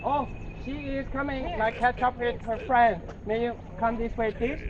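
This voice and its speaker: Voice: medium pitch, steady tone, moderate pace, highs cut off, crowd noise. A park guide outdoors, politely giving a visitor simple, direct instructions.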